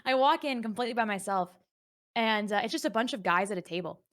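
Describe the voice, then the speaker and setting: A woman's voice: mid-range voice, expressive, fast, a bit bright. A woman streamer telling a story and teasing friends crudely in voice chat, often laughing.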